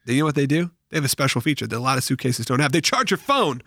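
A man who has school-age kids, hosting a podcast, chatting casually and reading sponsor ads in an animated, jokey way. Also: mid-range voice, very fast, gravelly, no room sound, clean studio sound. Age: adult with school-age children. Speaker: podcast host. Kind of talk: casual chat and host-read ad.

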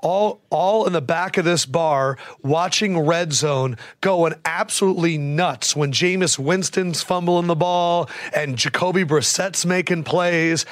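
A man's voice: a little high, dry recording. Hyped, slangy male sports podcast host. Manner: hyped, slangy, talks in quick bursts. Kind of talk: casual sports chat. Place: traveling abroad, remote.

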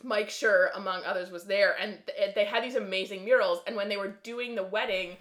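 A woman's voice: medium pitch, steady tone, fairly quick, a bit bright, echoey room. A young woman co-hosting a podcast, talking loosely and laughing easily. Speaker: podcast co-host. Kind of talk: casual chat.

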